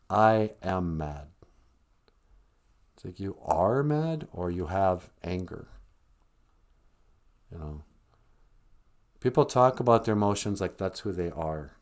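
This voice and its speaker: A man's voice: on the low side, a little mellow. A man hosting a live stream, talking casually and with dry humor about emotions and spirit. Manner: wry, joking, conversational, slips into comic voices. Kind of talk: casual teaching monologue.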